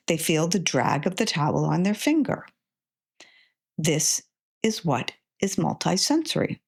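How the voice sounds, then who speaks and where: A woman hosting an instructional podcast, patiently explaining a reading method step by step and sounding out syllables slowly. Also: on the low side. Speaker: podcast host and reading tutor.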